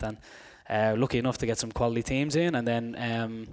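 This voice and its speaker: A man talks fast as a guest on a podcast, his voice a little raspy from a cold. His pitch stays flat and even, and he rambles through restarts and fillers. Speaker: high school soccer coach.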